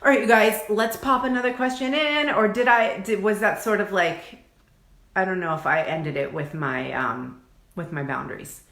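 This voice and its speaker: A woman's voice: medium pitch, moderate pace, fairly bright tone, roomy sound. A woman, coaching viewers during a live stream. She reads their comments aloud and answers in an effusive, chatty way, swearing casually. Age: 40s.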